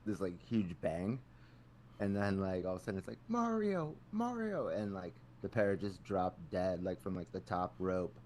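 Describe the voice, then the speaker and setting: A man with a very deep voice co-hosts a podcast. He speaks slowly, stopping and restarting often. Faint noise runs underneath. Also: a little mellow. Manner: laid-back, halting, full of "like". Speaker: podcast co-host. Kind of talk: casual podcast chat.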